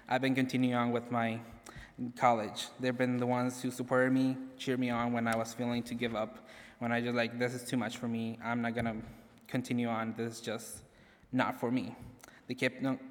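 A young man, a graduating student, giving a personal speech to an audience; he is nervous, laughs at himself often and says "like" a lot. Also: mid-range voice. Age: young adult. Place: large hall. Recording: hall reverb.

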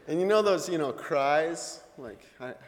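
A young man with a high voice spins a personal story on stage, laughing often and slipping into the voices of people in it. He speaks slowly and unhurriedly. The sound is a noisy recording in a hall with a long reverb. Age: young adult. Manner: animated storyteller, laughs often, acts out quotes. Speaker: student presenter. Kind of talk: storytelling talk. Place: large hall.

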